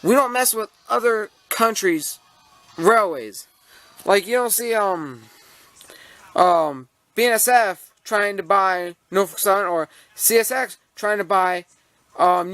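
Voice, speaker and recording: A young American man rants casually about railroads in his home model railroad room, rambling and indignant, full of fillers and restarts. He was filmed on a handheld camera mic, and his high, slightly bright voice comes through on a dry recording.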